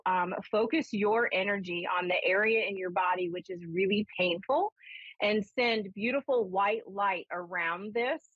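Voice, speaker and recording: A woman medium talks in a chatty, storytelling way on a live call-in show. Her voice sits at a middle pitch. The sound is dry and close, but dull and lo-fi like an old broadcast. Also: no echo. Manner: chatty storyteller, animated when quoting herself. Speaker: spiritualist minister and medium.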